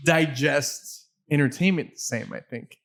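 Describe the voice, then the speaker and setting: A man hosting a casual chat, talking in halting bursts with many restarts and fillers. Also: fairly high pitch, gravelly, fairly bright tone. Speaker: podcast host.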